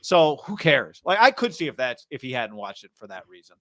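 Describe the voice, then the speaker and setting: A man's voice: medium pitch, very animated, a little fast, fairly bright tone, no echo, clean studio sound. A man co-hosting a casual sports talk show, talking in an emphatic, conversational way and acting out quotes.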